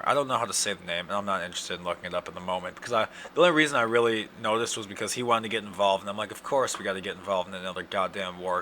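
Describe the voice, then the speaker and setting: A young man with an Upper Midwest accent, hosting a casual solo podcast, ranting and cursing in loud outbursts, his throat dry from yelling. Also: fairly low pitch, fast, few pauses, a little hiss or hum. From Wisconsin. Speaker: podcast host.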